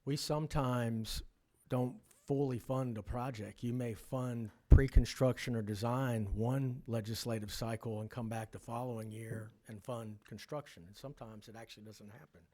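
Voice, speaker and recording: A man testifying at a committee hearing, answering in a measured, careful way. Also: medium pitch, fairly even intonation, warm tone. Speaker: official testifying.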